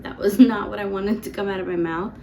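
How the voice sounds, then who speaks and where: Woman, twenties, chatty storytime vlogger, filler-heavy and animated, faint hiss behind. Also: mid-range voice. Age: 20s. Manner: chatty, lots of "like", quick laughs. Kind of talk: casual storytime vlog.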